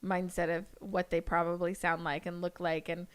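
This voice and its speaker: Woman guest on a podcast, clear smooth voice, chatty and laughy. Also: on the low side, little pitch movement, normal speed. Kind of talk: casual chat.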